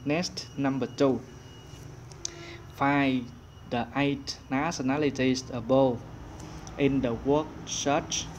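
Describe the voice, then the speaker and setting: Working through an English workbook, a male teacher moves at a very slow, unhurried pace, his mid-range voice fairly even in intonation. He reasons aloud while searching out each answer, over a faint background hum.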